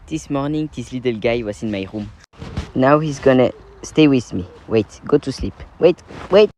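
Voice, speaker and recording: A man's voice: medium pitch, normal speed, a little hiss or hum. Giggly Belgian man with a French accent. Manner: giggly, animated, coos at animals. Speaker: video creator. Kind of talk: casual playful vlog chat.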